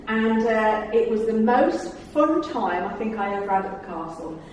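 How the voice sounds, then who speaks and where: A woman's voice: fairly high pitch, expressive, a little slow, darkish tone, slight background noise. A middle-aged woman, giving a chatty, humorous talk to a club audience about her years as a tour guide, telling anecdotes with a theatrical flair and frequent laughter. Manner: chatty, theatrical storyteller who laughs often. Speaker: guest speaker, former tour guide. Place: club meeting room. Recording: very echoey room, voice far from mic.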